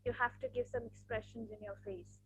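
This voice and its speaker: A woman's voice: fairly high pitch, steady tone, brisk, a little hiss or hum, poor audio. A woman giving encouraging, emphatic feedback on a speech over a video call. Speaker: speech evaluator. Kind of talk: casual spoken feedback.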